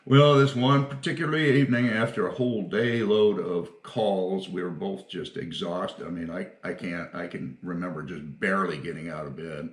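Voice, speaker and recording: An older retired firefighter telling stories in a casual interview, folksy and quick to laugh. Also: male voice, low voice, fairly even intonation, reverberant.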